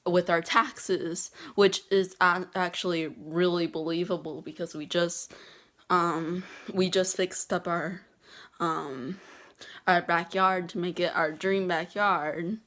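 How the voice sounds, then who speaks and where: A teenage girl telling a prank story in a casual vlog, halting with many pauses and restarts. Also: on the low side, fairly even intonation, a bit bright. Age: teens. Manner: halting, many ums and restarts, laughs at herself. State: getting emotional, near tears. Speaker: vlogger.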